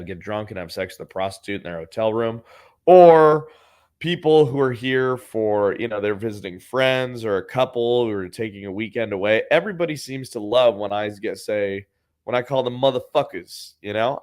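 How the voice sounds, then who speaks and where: A man's voice: on the low side, moderate pace, darkish tone. A man hosting a podcast, telling a story in a casual, sardonic and profane way. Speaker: podcast host.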